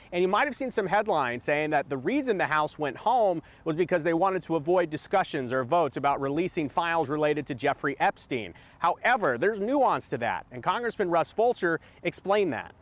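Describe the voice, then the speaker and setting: Slightly higher-voiced male TV reporter. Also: animated. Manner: measured, conversational reporting. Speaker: TV news reporter. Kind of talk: broadcast news report. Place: outdoors near a government building.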